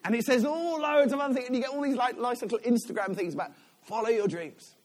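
A middle-aged man preaching a sermon, chatty and animated, often breaking off into restarts and laughs. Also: very high-pitched, quick pace.

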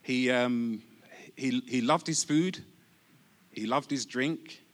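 A man giving an informal testimony at church, halting with many restarts and laughing easily. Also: mid-range voice.

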